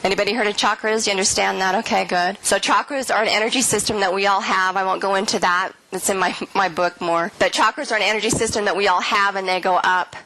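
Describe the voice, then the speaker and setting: A middle-aged woman speaks earnestly to an audience as a keynote speaker. Her voice is bright and forward, and she tells her story with animated energy, switching into little acted-out quotes. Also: mid-range voice, fast, few pauses, no echo, low-quality recording. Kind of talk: spiritual talk with audience questions.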